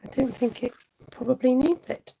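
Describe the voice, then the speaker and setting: Middle-aged woman, chatty live craft demo host, mellow tone with gravelly edges. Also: high-pitched, moderate pace, low-quality recording. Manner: chatty, laughing, reads viewer comments aloud. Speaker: stamping craft demonstrator. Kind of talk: live-stream craft tutorial chat.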